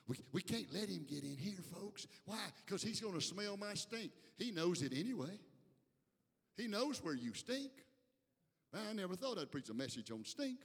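A man preaching a sermon in a church, folksy and talking straight to the congregation, swinging from hushed asides to loud shouts. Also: medium pitch, breathy edge, long reverb tail. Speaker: pastor. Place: church sanctuary.

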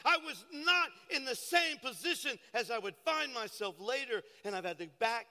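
An older man and pastor preaching a sermon with passion, swinging from hushed to loud. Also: extremely high pitch, expressive, normal speed, hardly any pauses. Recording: church sanctuary reverb.

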